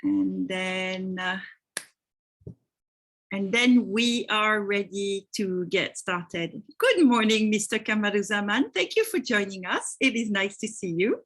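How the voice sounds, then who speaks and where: A woman's voice: mid-range voice, lively intonation, takes it slowly, a bit bright. A woman from France with a French accent, hosting a live online webinar over a video call and greeting attendees by name. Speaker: webinar host.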